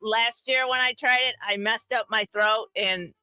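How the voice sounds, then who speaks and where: A woman's voice: on the high side, unhurried, pushed and bright, clear, resonant tone, dry recording. A woman co-hosting a radio show from the studio, giving short, reluctant replies. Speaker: radio co-host.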